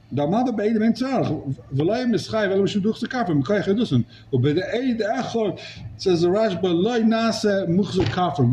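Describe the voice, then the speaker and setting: Guy teaching talmud, really animated, mellow tone, muffled recording. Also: high voice, slight background noise. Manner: animated, rhetorical, mixing Hebrew and Aramaic terms. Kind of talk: Talmud class lecture.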